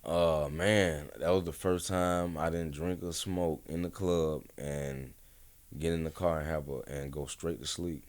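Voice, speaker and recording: Deep dude rambling thru a story on a podcast, slangy and laid back, lots of you know what im sayin. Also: male voice, fairly even intonation, a little slow. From Atlanta, USA. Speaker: rapper guest. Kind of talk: casual podcast interview storytelling.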